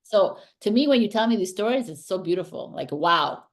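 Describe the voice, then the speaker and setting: A woman's voice: mid-range voice, expressive, fairly quick. A woman hosting a casual spiritual chat as a tarot reader, earnestly passing on intuitive messages with emphasis.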